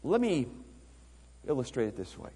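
A man's voice: mid-range voice, huge pitch swings, moderate pace, dark tone, breathy edge. A man preaching a missions sermon, emphatic, asking rhetorical questions and repeating words as he goes. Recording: long hall reverb.

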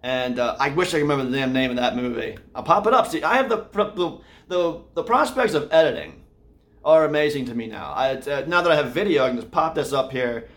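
A man talks casually through his daily video log, rambling along and restarting his sentences. His voice sits at an ordinary middle pitch. He records from his room at home. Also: lively intonation, fast, fairly bright tone. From Austin, Texas area. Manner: rambling, many fillers and restarts. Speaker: vlogger and podcast host. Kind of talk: casual daily vlog talk.

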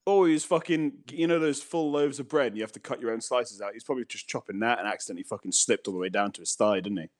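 A man's voice: medium pitch, quick pace, few pauses. A young Welsh man co-hosting a podcast, chatting casually, swearing constantly and slipping into mocking impressions. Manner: swears a lot, mimics people in loud bursts. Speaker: podcast co-host. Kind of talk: casual chat.

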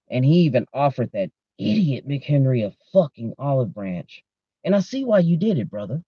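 Speaking directly to his audience, a man hosting a podcast goes on a casual, profane rant over a dull lo-fi recording. His voice is husky and medium in pitch, and the recording is dry.

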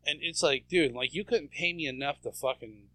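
A man co-hosting a casual podcast with a bright, fairly high voice. He tells crude, mocking stories. The sound is dry and close. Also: moderate pace, dry recording. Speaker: podcast co-host. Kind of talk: casual chat.

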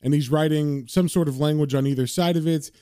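A man's voice: on the high side, fairly even intonation, a little fast, dark tone, clean tone, dry recording, clean studio sound. A man casually retelling and reading a comic book aloud as host, with conversational fillers.

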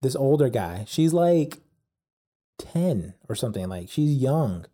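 Very dark-voiced man rambling a story. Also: mid-range voice, sing-song, slow pace. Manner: rambling, many fillers like "like" and "yada yada". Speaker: storyteller recapping a documentary. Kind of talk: casual chat.

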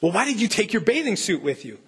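A man's voice: high voice, sing-song, quick pace, a bit bright, breathy edge, long reverb tail, voice pushed up, heavily acted. A man pastor voicing a stern father scolding his son in a sermon story.

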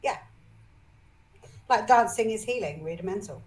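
A woman with a medium-pitched, animated, slightly mellow voice speaks at normal speed as a podcast guest. She energetically tells emotional personal stories in a candid way, swearing casually and often restarting sentences, on a low-quality recording.

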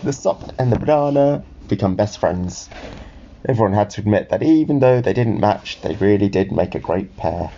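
A man reading a bedtime story aloud to a child in a gentle, lively storyteller voice. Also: on the low side, normal speed, creaky, muffled recording, slight background noise.

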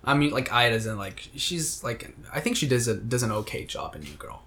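A man co-hosting a podcast in casual chat, halting and often stumbling over his words. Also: medium pitch, sing-song, bright, forceful tone. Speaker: podcast co-host.

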